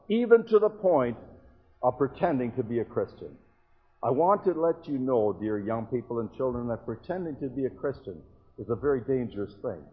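Husky-voiced preacher telling stories. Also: male voice, medium pitch, phone-quality sound. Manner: earnest storytelling with retold dialogue. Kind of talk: evangelistic sermon.

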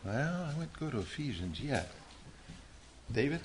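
A man's voice: mid-range voice, big pitch swings, a little slow, noisy background. Man teaching a Bible lesson. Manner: quizzing, patient, calls on listeners by name. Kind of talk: Bible lesson with questions to young listeners.

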